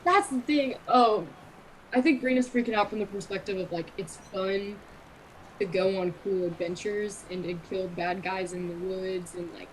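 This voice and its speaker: A woman's voice: mid-range voice, steady tone, normal speed, low-quality recording. A woman in a tabletop game session talks openly about her character, thinking aloud as she goes. A faint noise runs under the recording. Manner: laughing, candid, thinks aloud. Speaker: player. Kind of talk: casual tabletop game chat.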